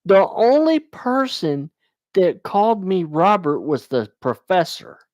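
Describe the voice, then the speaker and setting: A man talks loosely to his livestream viewers, mumbling now and then and stopping to restart his sentences. His delivery is slow and unhurried, but his pitch swings widely. The sound is dry, with no room echo. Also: very animated, a little mellow, dull audio. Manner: rambling, laughs often, restarts sentences. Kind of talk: casual livestream chat.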